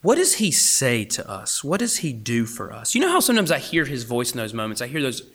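A young man preaching a sermon, going from emphatic, raised passages down to hushed, almost whispered lines. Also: medium pitch, huge pitch swings, brisk. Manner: swings between emphatic and hushed, near-whispered asides. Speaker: pastor.

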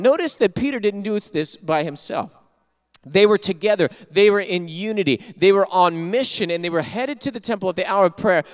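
A male pastor delivers a sermon in a high, smooth, resonant voice. He tells stories with lively energy and slips into the voices of the people in them, preaching from a church. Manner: animated storyteller who acts out quoted voices. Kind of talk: sermon with storytelling.

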